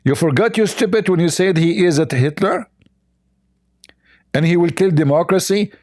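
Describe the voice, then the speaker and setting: A man's voice: high-pitched, normal speed, a little mellow. A man giving sarcastic reaction commentary on clips, mocking and scornful, rambling with broken grammar.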